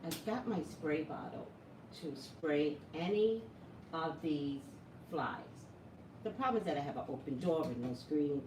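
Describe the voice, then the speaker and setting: Woman psychic vlogger, lively chatty delivery; roomy, distant, noisy home recording. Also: low voice, a little slow. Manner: chatty, animated, asks viewers questions. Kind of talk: casual talk to viewers. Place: home room with an open door. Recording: echoey room, voice from off-mic, noisy background.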